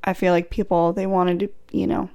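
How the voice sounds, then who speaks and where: A woman's voice: lowish voice, little pitch movement, a little mellow. A woman hosting a podcast, asking questions and cheering her guest on in casual chat. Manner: encouraging, quick interjections and questions. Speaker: podcast host.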